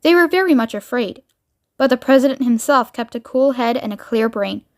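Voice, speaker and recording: A woman narrating a children's book aloud with expressive storytelling. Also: a little high, a little fast. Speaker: book reader.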